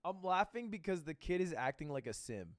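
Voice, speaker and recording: A man giving casual, joking commentary on videos, expressive and swearing freely. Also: a little high, brisk, dry recording, clean studio sound. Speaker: reaction video creator.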